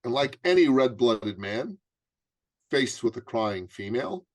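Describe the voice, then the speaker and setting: Animated middle-aged male storyteller, dry sound. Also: medium pitch, measured pace, no echo. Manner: animated storyteller, dramatic emphasis. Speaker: guest, business coach. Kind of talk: storytelling in an interview.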